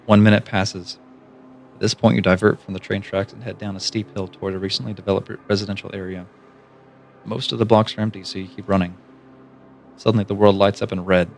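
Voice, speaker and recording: A man streaming live, reading a gamebook aloud in hushed, low-key second-person narration. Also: flat delivery, fast talker, gravelly, a little hiss or hum.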